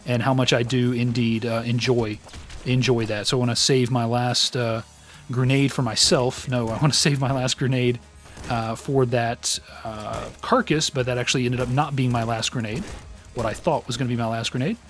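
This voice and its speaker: A man's voice: medium pitch, steady tone, moderate pace, soft background music. Self-deprecating man commenting on gameplay. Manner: self-deprecating, rambling with many fillers. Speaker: let's play host.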